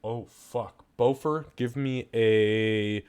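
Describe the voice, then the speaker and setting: A man's voice: on the low side, a little slow. Man running a tabletop game. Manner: casual, swearing. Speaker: game master.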